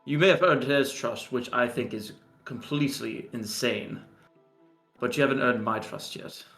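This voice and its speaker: A man's voice: mid-range voice, moderate pace, a bit bright. A man playing a tabletop role-playing game who narrates his own character's actions. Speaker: player. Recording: echoey room with faint music.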